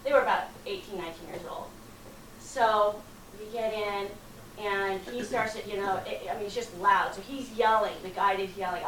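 A woman at middle pitch tells a story to an audience, dramatic and lively. Her voice carries from a distance through a roomy, echoing space. A faint background hiss sits underneath. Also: moderate pace. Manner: dramatic, lively retelling with acted quotes. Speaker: speaker telling a story to an audience. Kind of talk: animated storytelling talk. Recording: roomy, from far off, faint noise.

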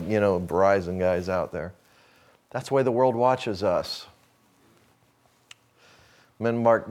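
Middle-aged man, mid-range voice, folksy preacher who acts out dialogue and goes quiet for quotes. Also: mid-range voice. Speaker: speaker addressing a men's gathering. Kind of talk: sermon with personal story.

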